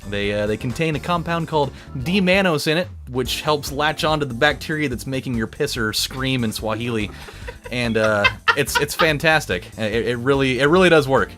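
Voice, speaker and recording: A man's voice: medium pitch, expressive, moderate pace. A man hosting a game playthrough, telling a rambling, crude, joking story in a casual chat. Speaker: let's play host. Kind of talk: casual storytelling over gameplay. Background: video game music.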